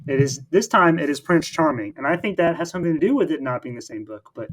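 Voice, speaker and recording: A man's voice: a little high, lively intonation, fast talker, a bit bright. A man co-hosting a casual film podcast, recapping the plot in a rambling way with many fillers and restarts. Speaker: podcast co-host.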